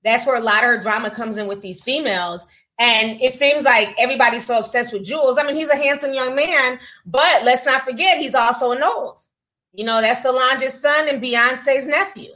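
This is a woman hosting a laid-back gossip stream, reading super chats aloud and adding sassy asides. Her high-pitched, bright voice has a forceful edge and a normal pace, captured in low quality, and she laughs often while saying "honey" and "child."

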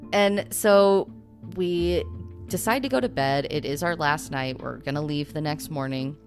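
Brief: low-pitched woman podcast host, chatty storyteller who keeps looping in asides; faint music underneath. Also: a little slow. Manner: rambling, full of "you know" and "like" asides. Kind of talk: casual storytelling chat.

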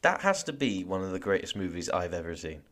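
A young man with a low voice chats on a podcast. He is laid-back and gushes freely, swearing as he goes. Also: sing-song, quick pace, fairly bright tone. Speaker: podcast co-host. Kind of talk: casual chat.

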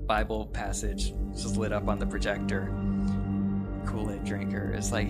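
A man hosting a podcast, telling a comic story in an animated way and laughing often. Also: lowish voice, normal speed, over loud music. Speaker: podcast host. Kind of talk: comedic storytelling.

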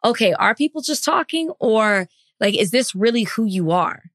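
A woman co-hosting a podcast, giving her opinions in a measured, deliberate way. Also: fairly high pitch, lively intonation, fairly bright tone, no echo, studio quality. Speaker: podcast co-host. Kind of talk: casual podcast discussion.

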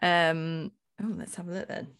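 A woman's voice: lowish voice, fairly even intonation, moderate pace, fairly bright tone, clear, resonant tone. A woman co-hosting a podcast in casual chat, laughing often and swearing freely. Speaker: podcast co-host.

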